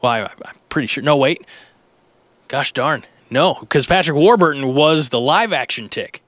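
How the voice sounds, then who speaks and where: A man's voice: fairly high pitch, animated, normal speed, a bit bright, no room sound. A man hosting from a studio with headphones, chatty and joking, often restarting his sentences. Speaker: radio host. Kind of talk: casual recorded chat. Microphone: studio mic with headphones.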